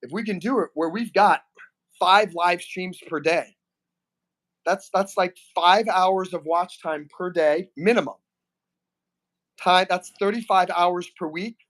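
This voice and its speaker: A man hosting a casual live stream, reading out chat messages and talking to a guest, often clearing his throat. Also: sits high, measured pace, long pauses, fairly bright tone. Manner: chatty, reads chat aloud, frequent throat clearing.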